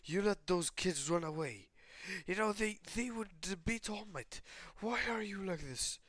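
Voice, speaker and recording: A young man voicing an abusive, angry hero father who yells insults at his wife. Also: sits high, lively intonation, unhurried, no echo, voice pushed up, exaggerated voice. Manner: yelling insults.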